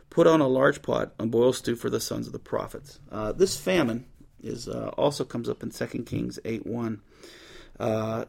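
Gravelly husky man teaching scripture. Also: medium pitch. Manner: relaxed and conversational, with frequent "uh" between passages. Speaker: Bible teacher. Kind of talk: reading scripture aloud and explaining it casually.

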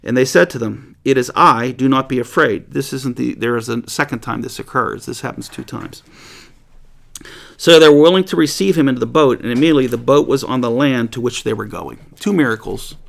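A man with a gravelly, creaky voice at an ordinary middle pitch, teaching the Bible in a relaxed, conversational way. He reads verses aloud and breaks into lively asides and chuckles with his listeners. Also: a little fast. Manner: conversational, animated, chuckles often.

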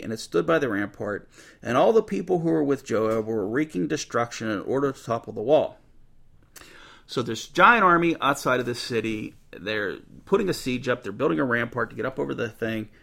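A man's voice: medium pitch, creaky. A man teaching a Bible passage in a folksy, conversational way. He reads the text aloud and breaks off into casual asides. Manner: folksy, animated retelling with asides.

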